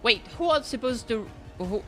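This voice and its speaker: A woman streaming a game, her somewhat high voice swinging widely as she chats. She tosses in silly boops and sing-song noises and swears freely in her excited bursts, while faint game music plays underneath. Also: normal speed. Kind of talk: casual gameplay commentary.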